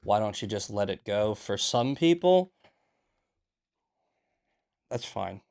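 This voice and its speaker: A man's voice: on the low side, big pitch swings, takes it slowly, creaky, a little mellow. An American man hosting a news commentary show, ranting in a heated, profane way and repeating himself. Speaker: host.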